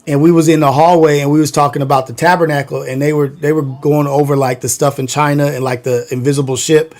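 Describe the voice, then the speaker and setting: Casting note: man in his thirties from Long Beach, slightly high voice, rambling slangy storyteller on a livestream. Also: level tone, fast, a little mellow. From Long Beach, California. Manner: loose slangy storytelling, many fillers. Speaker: livestream host.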